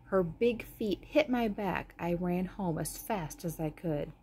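A woman reads a children's storybook aloud and pauses for gentle, explanatory asides. Her voice is low, mellow and warm, and she takes her time. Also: slightly rough. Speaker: storybook reader.

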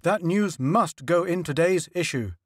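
A man voicing a brisk, imperious newspaper magnate. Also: on the high side, no room sound, clean studio sound, voice pushed up. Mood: brisk, demanding. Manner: brisk, demanding, impatient questions.

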